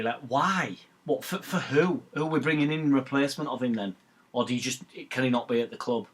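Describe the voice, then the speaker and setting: A man's voice: medium pitch, fairly quick, slightly rough. A man hosting a live match watch-along, ranting bluntly about football with swearing and banter. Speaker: fan channel host.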